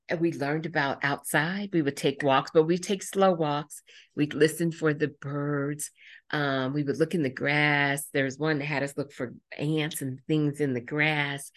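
A middle-aged woman, a podcast guest, telling lively, rambling stories in casual talk with many fillers. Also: deep voice.

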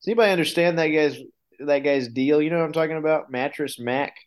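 Sports podcast guy, chatty, gets excited telling game stories. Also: fairly high pitch, fast talker, clean tone. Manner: animated storyteller, rises when excited. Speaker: podcast host. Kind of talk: casual sports chat.

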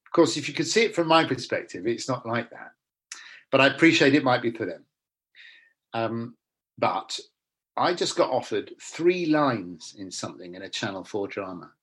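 A man's voice: mid-range voice, lively intonation, normal speed, a bit bright, breathy edge. A middle-aged man, an actor talking bluntly and animatedly in a casual interview, often restarting his sentences.

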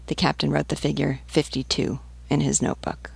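A woman narrating an audiobook in a steady, unhurried way. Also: deep voice, vocal fry, breathy edge, no room sound.

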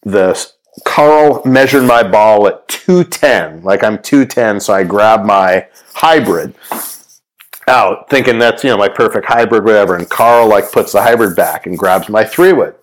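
A man's voice: lowish voice, measured pace, low-quality recording. Chatty man telling a golf story. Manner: chatty, lots of ums and quoted dialogue. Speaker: podcast guest, sportswear executive. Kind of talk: casual storytelling in an interview.

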